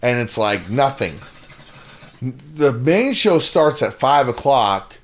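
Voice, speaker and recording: A man's voice: medium pitch, sing-song, slow pace. Man, podcast co-host, casual storytelling, rambling, swears a lot. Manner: rambling, profane, exasperated retelling.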